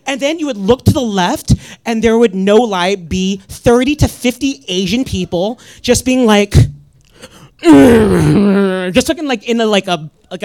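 A young woman from Northern California performing a profane stand-up comedy set and acting out voices. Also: medium pitch. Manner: animated, profane, acts out voices.

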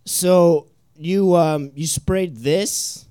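A man voicing his father in a low, slow, deadpan way within a stand-up bit. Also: smooth, dry recording, studio quality. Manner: low, slow, flat delivery.

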